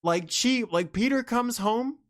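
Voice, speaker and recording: A man's voice: very high-pitched, measured pace. A man co-hosting a casual movie podcast, ranting in an exasperated, incredulous way. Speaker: podcast co-host. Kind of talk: casual film discussion.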